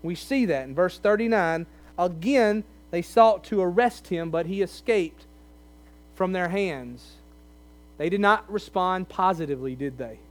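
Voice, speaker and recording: A man with a high voice preaches, talking through the scripture like a conversation. He leans in hard on key lines, pleading with his listeners. A faint electrical hum sits under the recording. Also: lively intonation, a little slow. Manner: conversational, emphatic, pleading in places. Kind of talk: sermon.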